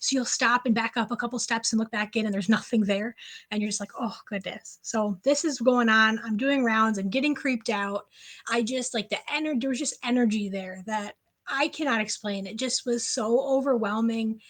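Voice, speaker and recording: A woman sits as a guest on a podcast and tells a personal story in an animated, casual way. Her voice sits a bit higher than most, and "like" keeps popping into her sentences. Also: normal speed. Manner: animated, frequent "like" fillers.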